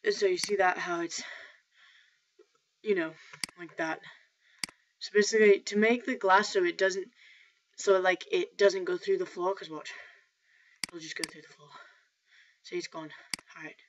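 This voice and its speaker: Rambling lower-voiced woman, lo-fi mic. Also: steady tone, a little slow, long pauses. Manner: rambling, self-correcting, filler-heavy. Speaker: software tutorial maker. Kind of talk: casual screen-recorded tutorial. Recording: dull lo-fi mic with faint noise.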